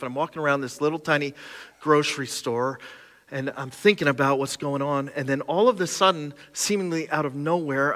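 A man's voice: medium pitch, bright, forceful tone. A middle-aged man, a pastor, telling an emotional personal story in a sermon, candid and open. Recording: long hall reverb.

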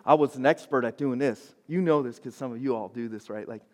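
A man preaching a sermon to high schoolers in a church, animated and conversational, often laughing at himself. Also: fairly quick. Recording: long hall reverb.

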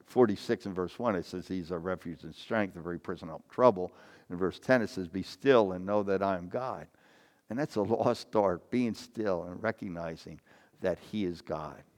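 A man preaching a sermon, retelling a Bible story in an informal way, often correcting himself as he goes and reading out verses. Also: fairly low pitch. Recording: long hall reverb.

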